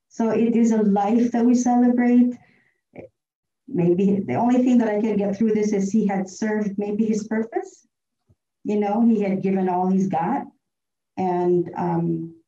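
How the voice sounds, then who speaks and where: A woman's voice: medium pitch, dark tone. A woman giving a heartfelt personal eulogy, chatty and often laughing. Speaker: tribute speaker at a memorial. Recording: roomy, distant, dull lo-fi sound.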